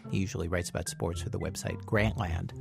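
A man's voice: low voice, steady tone, fast talker, vocal fry, music in the background. A man hosting a radio program, narrating a story in a wry, conversational way and questioning his guest. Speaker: radio show host.

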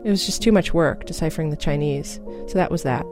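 A woman narrating a scripted radio story in a measured, even manner. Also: sits low, music in the background.

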